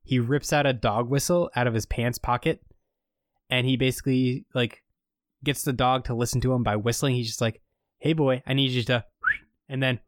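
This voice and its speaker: A man's voice: mid-range voice, fairly even intonation, normal speed, no room sound. Man, casual podcast recap, rambling, lots of fillers, dry close sound. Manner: rambling storytelling with many fillers. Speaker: podcast co-host recapping a show.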